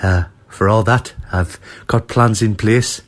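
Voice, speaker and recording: A rambling, deadpan football manager, as a man puts him on for a radio comedy bit. He speaks in a fairly low voice and stumbles through his grand announcement with stops and filler sounds. He keeps a flat, matter-of-fact delivery. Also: slow. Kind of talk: comic impression on sports radio.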